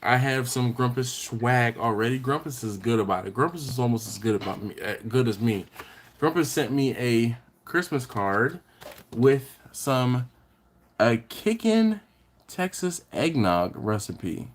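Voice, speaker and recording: Speaking a little slowly in an animated, medium-pitched voice, a man hosts a home barbecue live stream against slight background noise. He reads comments aloud and thanks viewers warmly by name, chatting casually. He wanders off track and keeps correcting himself mid-sentence.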